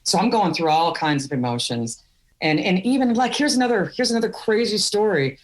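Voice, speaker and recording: A woman's voice: medium pitch, lively intonation, fairly quick. A middle-aged woman from Wisconsin, a podcast guest telling candid stories with laughs. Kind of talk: storytelling interview.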